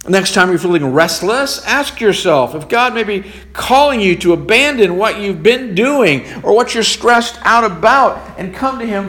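A man's voice: high-pitched, a bit bright. A man preaching a sermon in an earnest way, asking rhetorical questions as he goes. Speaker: pastor.

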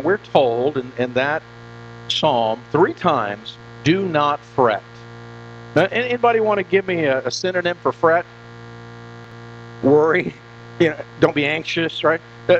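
A pastor preaching a conversational sermon in a church, often repeating words and asking the congregation questions. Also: male voice, sits high. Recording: dull lo-fi recording with mains hum.

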